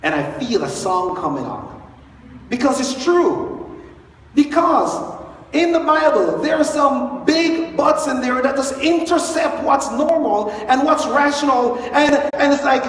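A man preaching a sermon as pastor, telling the story in an animated, chatty way and chuckling often. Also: very high voice, unhurried. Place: church sanctuary. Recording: echoey hall, far from the mic.

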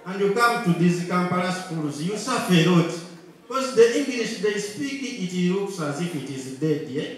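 A Ugandan man doing live stand-up comedy, telling mock-serious stories and building to loud punchlines. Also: high voice. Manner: punchy, mock-serious storytelling, switching into Luganda, rising to shouted punchlines. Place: large comedy venue with live audience. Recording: echoey live hall from far off, loud crowd.

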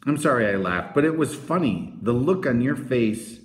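Male reader as a gruff middle-aged uncle, dry and grumbling but kind, lively pitch; roomy echo. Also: moderate pace, natural voice.

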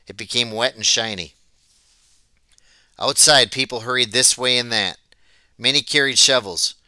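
A man reading a novel aloud as an audiobook, telling it in a plain, steady way. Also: medium pitch, moderate pace, clean tone, no echo. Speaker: audiobook reader. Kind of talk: storybook read-aloud narration.

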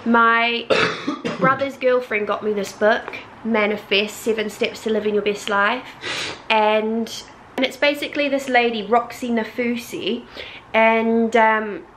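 A woman's voice: a little high, steady tone, unhurried, fairly bright tone, slight background noise, low-quality recording. A young woman with a New Zealand accent, co-hosting a casual vlog in a chatty, giggly, exclaiming way. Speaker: vlogger co-host. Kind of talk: casual chat.

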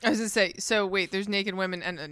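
A woman's voice: medium pitch, fairly even intonation, quick pace, a bit bright, smooth, no echo, clean studio sound. A woman co-hosting a podcast in casual chat, giggly and talkative, with lots of "like". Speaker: podcast co-host.

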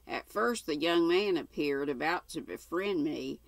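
A woman's voice: sits low, animated, unhurried, no echo. An older woman reads a classic novel aloud in a plain, homely way, stumbling now and then and going back over words. Her voice is close to the mic in a dry, dead room. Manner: plain reading with occasional stumbles. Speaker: audiobook reader.

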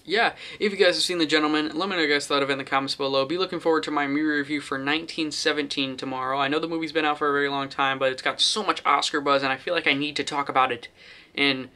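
A man's voice: on the high side, steady tone, racing, sharp tone. A young man casually reviewing a movie on his channel, rambling with lots of fillers and restarts.

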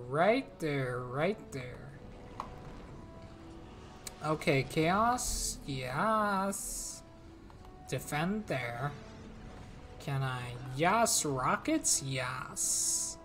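A woman's voice: low voice, slight background noise. A woman streamer giving casual, playful commentary as she plays a strategy game, talking to her units and laughing.

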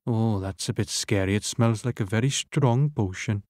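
A man voicing a big, easily frightened male giant in a storybook, asking alarmed questions in a high voice. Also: moderate pace, a little mellow, dry recording, studio quality, natural voice. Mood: uneasy.

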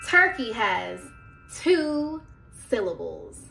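Woman teacher, high lively voice, very slow, clear music behind, coaxing kids to repeat. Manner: slow, drawn-out teacher talk with prompts for kids. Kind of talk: children's lesson.

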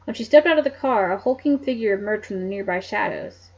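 A woman's voice: mid-range voice, lively intonation, fast, a little mellow, husky. A woman reading a mystery novel aloud at home, adding chatty, joking asides between passages, on a dull lo-fi mic. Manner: chatty asides, laughs at the story. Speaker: narrator.

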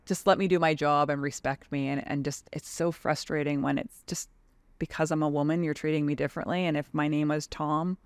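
Canadian-raised tradeswoman, 30s, fired up and blunt, bit of vocal fry but smooth, dry close mic. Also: sits low, a little fast, dry recording. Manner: animated and frank, peppered with "like". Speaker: guest, tradeswoman and advocacy leader. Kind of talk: casual podcast conversation.

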